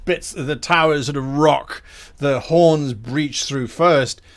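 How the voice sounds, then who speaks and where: A man running a tabletop game as game master, narrating scenes in a measured way with fillers. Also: fairly high pitch.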